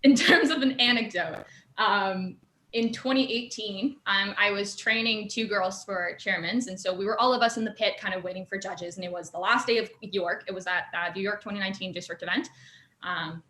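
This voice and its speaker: A woman's voice: medium pitch, steady tone, moderate pace, pushed and bright. A young woman telling stories from her student robotics team in a casual chat, with lots of fillers and laughter. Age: young adult. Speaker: guest. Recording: echoey room.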